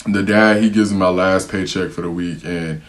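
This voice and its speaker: Speaking straight to the camera at normal speed, a young American vlogger with a very deep, low voice tells a travel story. He's animated and casual, full of slang, and acts out the lines of the people involved.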